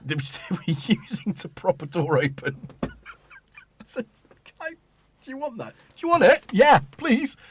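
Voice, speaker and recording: A middle-aged British man hosts a livestream, chatting casually with his audience into a studio mic. He rambles and keeps interrupting himself. His voice is mid-range, with a noisy background.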